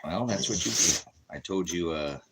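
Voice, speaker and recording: Very low-voiced preacher rambling on a noisy stream. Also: male voice, moderate pace. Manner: rambling, joking, talks to his dogs. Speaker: street preacher live streaming. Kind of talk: casual live-stream chat. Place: at home with dogs around.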